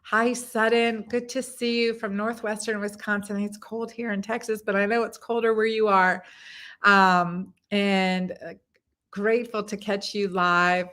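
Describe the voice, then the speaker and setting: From her home in Texas, a woman doctor hosts a casual live stream, chatting through viewers' comments with lots of fillers and repeated words. Her mid-range, slightly bright voice has a flat delivery and a somewhat slow pace.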